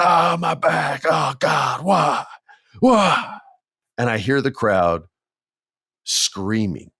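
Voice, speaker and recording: A man hosting a podcast, telling stories in a casual, animated way, acting out the quotes and laughing often. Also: dry recording, studio quality. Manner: animated, acts out quotes with big jumps in pitch, laughs often. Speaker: podcast host. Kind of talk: casual storytelling.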